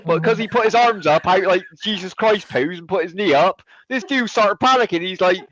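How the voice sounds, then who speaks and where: A man in casual chat on a panel, blunt and sweary, telling animated stories. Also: high voice, a little fast, no echo. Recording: dull lo-fi dry sound.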